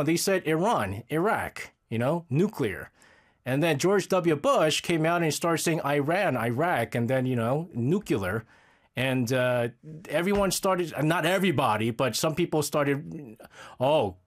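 A man hosting a radio show, chatting casually and rambling while reading listener messages, often laughing. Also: on the high side. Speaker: radio host.

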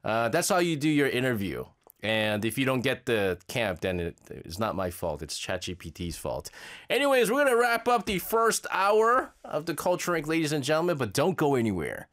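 A man's voice: mid-range voice, huge pitch swings, normal speed, a bit bright. A man hosting a radio show, chatting playfully and laughing easily as he talks. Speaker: radio host. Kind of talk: casual radio chat.

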